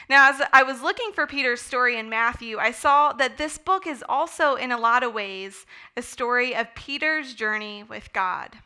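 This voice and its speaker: Bright, upbeat woman teaching the Bible. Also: a little high. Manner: enthusiastic, conversational, with fillers. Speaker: speaker teaching a Bible study. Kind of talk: sermon-style Bible teaching.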